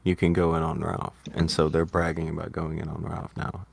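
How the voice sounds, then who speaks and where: Low-voiced wry stream host, dry close sound, needling and profane. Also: male voice, monotone, a little fast, gravelly, breathy edge, dry recording. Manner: wry, needling, swears casually. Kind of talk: casual livestream commentary.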